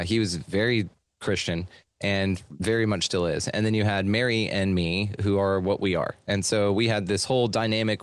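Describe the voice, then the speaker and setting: A man's voice: fairly low pitch, no echo. Laid-back, swearing man telling his story. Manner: loose and profane, lots of fillers. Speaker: podcast host being interviewed. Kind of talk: casual storytelling chat. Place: home studio with soundproofing.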